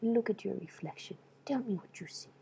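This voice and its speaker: A woman voicing a wise old mentor woman with an accent, in a hushed, solemn whisper as whispered role-play. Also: mid-range voice, animated, fairly quick, gravelly, husky, heavily acted.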